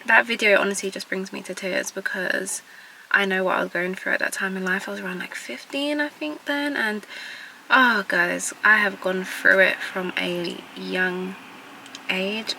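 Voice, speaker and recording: A woman's voice: mid-range voice, vocal fry, bright, forceful tone, slight background noise, rough recording. A woman in her twenties sharing earnest encouragement in a reflective vlog, holding back tears. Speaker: vlogger.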